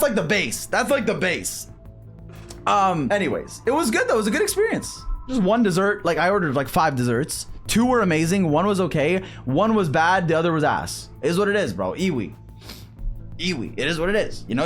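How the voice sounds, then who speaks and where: A young man from Canada telling a rambling story while gaming on stream, swearing freely and animated. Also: sits high. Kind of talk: casual gaming stream chat.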